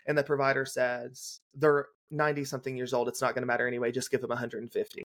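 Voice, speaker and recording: A young adult man, a guest on a podcast, telling a detailed clinical story in a brisk, casual way and acting out the dialogue. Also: medium pitch, little pitch movement, fairly bright tone. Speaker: guest, legal nurse consultant.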